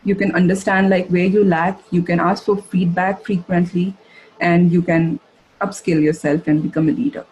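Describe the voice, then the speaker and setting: A woman giving a masterclass, answering audience questions in a halting way, with many fillers and restarts. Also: lowish voice, little pitch movement, darkish tone, husky, muffled recording. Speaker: masterclass speaker. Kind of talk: live webinar Q&A answers.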